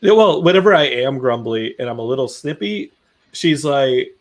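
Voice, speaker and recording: A man's voice: medium pitch, lively intonation, moderate pace. A man co-hosting a live podcast stream, joking wryly in casual chat. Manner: wry, joking banter. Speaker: podcast host.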